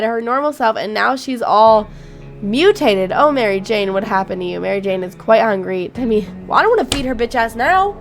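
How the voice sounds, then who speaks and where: Faint game music sits behind a woman gaming YouTuber who speaks at normal speed in a mid-range voice with lively intonation. She chats and reacts as she plays, reading the game's text aloud and swearing freely.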